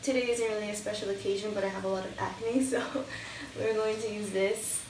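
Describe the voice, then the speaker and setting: A woman's voice: mid-range voice, steady tone, a little fast, noisy background. A young woman with a morning voice, chatting casually and a bit hesitantly through her makeup routine at home. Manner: chatty, hesitant, thinking aloud. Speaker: beauty vlogger. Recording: echoey room, mic at a distance. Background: shower running in another room.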